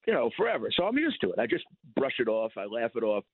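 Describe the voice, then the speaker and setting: An older man, a guest in a casual radio interview, telling stories with animated repetition and laughs. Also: mid-range voice, quick pace, gravelly, husky, no echo. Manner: animated storytelling, repeats words, laughs. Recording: thin phone-line sound.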